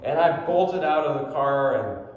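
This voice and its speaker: A man from New Jersey, a classical pianist, telling a personal story in an animated way, often laughing as he speaks. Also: fairly high pitch, a little slow, narrow, tinny audio. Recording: echoey hall, long reverb, faint noise.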